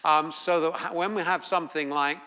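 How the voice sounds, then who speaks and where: A man with an English accent leads a Bible class, reading verses aloud and stopping to explain each one. His voice is bright and a little high, and he speaks slowly and deliberately. The room's long reverb trails after his words. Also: fairly even intonation, clean tone. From England. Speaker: Bible teacher.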